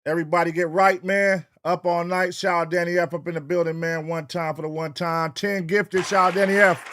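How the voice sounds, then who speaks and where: A man from the US West Coast hosting a late-night livestream, loose and profane, reeling off shout-outs to chat viewers in a sing-song way. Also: sits high, flat delivery, a little fast, noisy background. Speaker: livestream reaction host.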